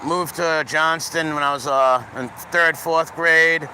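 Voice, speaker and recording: Middle-aged Rhode Island guy, bright tone, rambling profane livestreamer on a phone mic, faint street noise behind. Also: on the high side, fairly even intonation, unhurried. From Providence, Rhode Island. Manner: rambling, profane, bouncing between greetings and rants. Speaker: livestreamer walking his dog. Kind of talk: casual livestream chat with viewers. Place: city street with passing cars.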